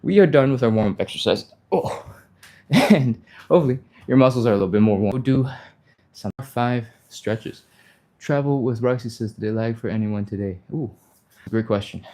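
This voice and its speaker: A man with a dark tone and medium pitch speaks at a moderate pace while teaching a live follow-along stretching class. Between breathy exertion sounds and sighs, he keeps things casual and encouraging and reads viewers' comments out loud.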